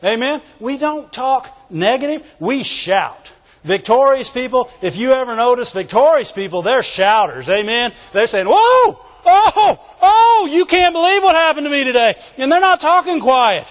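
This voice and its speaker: A man preaching a sermon, calling for amens and often breaking into shouts. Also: very high voice. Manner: call-and-response, often shouting. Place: church. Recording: reverberant church hall, dull lo-fi sound.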